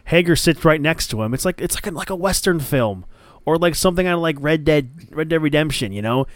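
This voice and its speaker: Smooth-voiced enthusiastic male podcast host. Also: fairly high pitch, animated, a little fast, no room sound. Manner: enthusiastic, rambling play-by-play recap. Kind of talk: casual chat.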